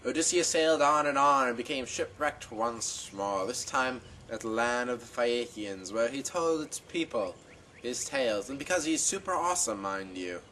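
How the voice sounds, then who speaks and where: A young man narrating an amateur comedy film in a flippant, offhand way. He talks in an ordinary mid-range voice. Clear outdoor noise and birds sit behind him. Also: medium pitch, animated, normal speed. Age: young adult.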